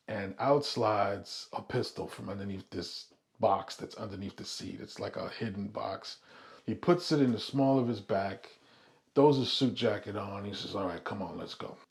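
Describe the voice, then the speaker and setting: A man's voice: lowish voice, normal speed, a little mellow. A middle-aged man telling a casual, rambling story on his vlog, swearing freely and laughing along as he goes. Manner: rambling, profane, laughs often. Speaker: vlog host.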